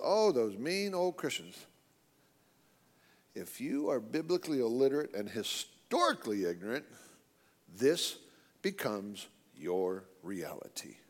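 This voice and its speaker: Man mocking sarcastically in an echoing hall. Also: mid-range voice.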